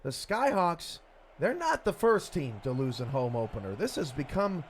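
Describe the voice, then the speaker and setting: A man calling the plays in esports football commentary, rising to shouts on big plays. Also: on the high side, big pitch swings, normal speed, slight background noise. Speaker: play-by-play commentator.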